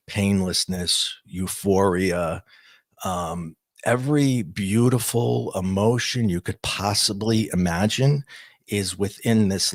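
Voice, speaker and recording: A man telling an interviewer the story of his own near-death experience in earnest, halting speech with many fillers and restarts. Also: low-pitched, no echo.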